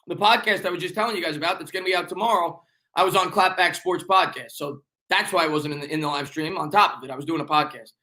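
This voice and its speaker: High, bright-voiced New York man chatting. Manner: fast, rambling, repeats himself, joking banter. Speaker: sports YouTube live-stream host. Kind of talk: casual live-stream chat reading viewer comments.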